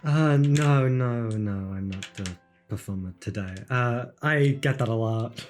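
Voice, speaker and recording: A man's voice: medium pitch, a little slow, soft background music. A man playing a jester in a tabletop game, awkward and self-deprecating, often stammering. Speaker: player.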